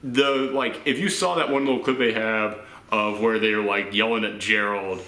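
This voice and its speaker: A man talks through a movie in a loose, rambling way, slipping into silly voices to act out scenes. His voice is on the low side but bright and edgy. The room around him is echoey. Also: moderate pace. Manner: rambling, animated, acts out quotes in silly voices. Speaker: movie reaction host. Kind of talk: casual movie discussion.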